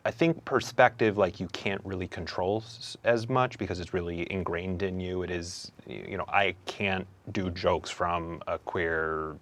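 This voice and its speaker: A man's voice: deep voice, fairly even intonation, measured pace, hardly any pauses, fairly bright tone. A young adult man, a comedian and host, answering interview questions in a reflective, hesitant way with many fillers and restarts.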